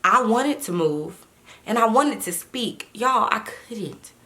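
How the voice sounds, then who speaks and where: A woman vlogger telling a story straight to her viewers in a casual, animated way, with plenty of swearing. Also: fairly high pitch, slow.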